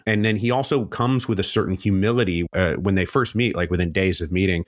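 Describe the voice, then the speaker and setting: A man's voice: sits low, fairly quick, dry recording, clean studio sound. A man guest on a history interview, telling the story in a casual way and acting out the people he quotes in mock voices.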